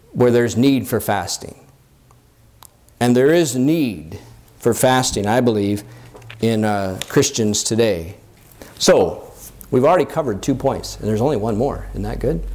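A man preaching a sermon in an earnest teaching tone, with fillers and restarts, lifting his voice when he quotes scripture. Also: darkish tone. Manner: rises in pitch when quoting scripture. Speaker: pastor.

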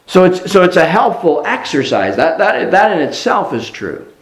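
A man preaching a sermon as a pastor, in an unhurried, earnest way, often restarting his sentences and filling pauses with "uh" and "you know". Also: high voice, sing-song. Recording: roomy echo.

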